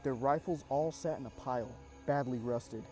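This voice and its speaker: This is a man narrating a creepy war story about himself, the kind a horror storyteller would tell. He keeps it measured and suspenseful with offhand asides, his dark, mellow voice at middle pitch over soft background music.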